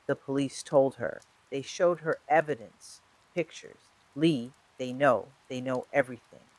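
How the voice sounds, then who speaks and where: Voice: medium pitch, a little slow, dry recording, natural voice, rough recording. A narrator reading the lines of a frightened young woman who anxiously presses for a confession in a true-crime story.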